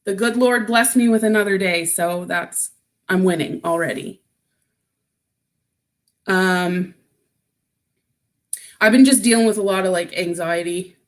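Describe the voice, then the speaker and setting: A woman chats casually with her livestream viewers, answering their comments as she goes. She talks at a slow, unhurried pace. She gets emotional and sounds close to tears. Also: fairly low pitch. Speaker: vlogger.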